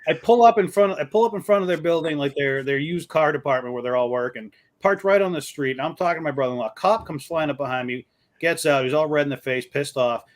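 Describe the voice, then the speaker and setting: A man telling lively stories in a casual chat and acting out the people in them. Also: a little high, quick pace. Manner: animated storyteller, acts out quoted voices. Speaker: co-host.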